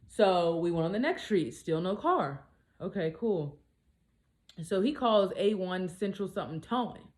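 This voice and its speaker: Blunt, animated woman telling a story. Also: lowish voice, moderate pace. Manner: animated, blunt, swears freely. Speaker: single mom vlogger. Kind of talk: casual storytime.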